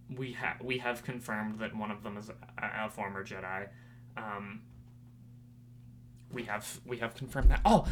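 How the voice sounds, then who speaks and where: A young man hosting a podcast, rambling in casual chat with lots of fillers and excited fan talk. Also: medium pitch, a little hiss or hum. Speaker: podcast host.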